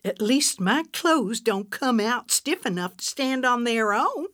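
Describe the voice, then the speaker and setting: A woman putting on a prickly old lady with a raised, lively voice, all sharp comebacks and indignation. She sounds dry and close to the mic, with a wide, swooping pitch in a storybook scene. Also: a little slow, dry recording. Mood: indignant. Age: 70s. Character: feisty elderly woman, quick-tongued and prickly.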